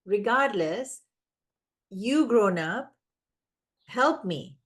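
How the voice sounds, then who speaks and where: A woman giving parenting advice in casual conversation, animated and acting out the voices of children and parents. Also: medium pitch, very slow. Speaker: parenting guest expert.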